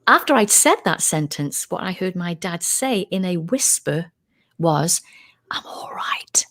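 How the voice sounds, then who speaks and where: A woman's voice: lowish voice, expressive, unhurried, fairly bright tone. A middle-aged woman from the United Kingdom, telling a personal story earnestly as a guest in a casual podcast interview. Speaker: guest, UFO researcher.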